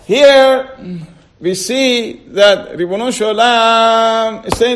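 A man's voice: very high-pitched, steady tone, slow, a bit bright, a little hiss or hum. A man teaching a casual religious class, repeating words and firing rhetorical questions at his listeners. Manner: checks on listeners with short asides. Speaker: Torah teacher.

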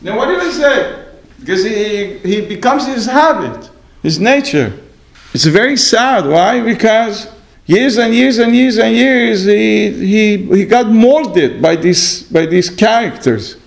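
A man with a notably high voice gives a relaxed religious lesson to a small group. He speaks in loose, repeating phrases, leaning on "you know", and now and then sinks into quiet asides. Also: slow, vocal fry, low-quality recording. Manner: repetitive, many "you know" fillers, acts out exchanges. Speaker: religious teacher. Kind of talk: informal Torah class.

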